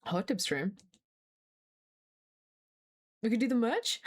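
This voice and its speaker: A woman's voice: fairly high pitch, normal speed, pauses often, a little mellow. A young woman streaming live, chatting casually with her chat in a scattered way, swearing freely and laughing often.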